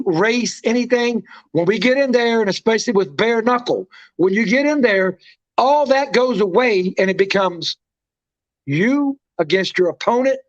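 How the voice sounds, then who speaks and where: A man hosting a casual livestream chat, talking with excitement and telling stories. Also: high-pitched. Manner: excited, storytelling, drops names. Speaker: show host. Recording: dull lo-fi stream audio.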